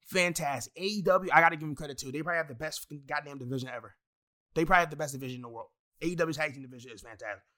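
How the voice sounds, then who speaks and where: A young man hosting a solo podcast, talking in a profane, excitable, rambling way with many restarts. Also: medium pitch. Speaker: podcast host. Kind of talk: solo wrestling podcast rant.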